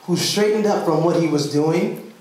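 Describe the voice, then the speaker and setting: A man's voice: a little high, moderate pace, a little mellow. A man from the rural US South performing a story at a live poetry slam, with comic timing. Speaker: spoken word poet. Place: club venue, indoors. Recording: roomy live venue heard from a distance.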